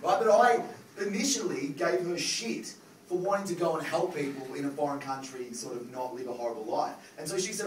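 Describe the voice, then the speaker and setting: A man in his thirties with an Australian accent doing a stand-up comedy set, loud and animated, swearing through his rants. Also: a little high, fairly quick, slight background noise. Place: comedy club stage with audience. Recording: roomy live venue, crowd, from far off.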